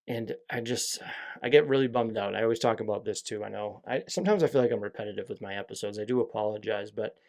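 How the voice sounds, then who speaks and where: Gravelly-voiced man rambling candidly. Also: on the low side. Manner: rambling and candid, lots of fillers and swearing. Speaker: podcast host. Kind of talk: casual solo podcast monologue.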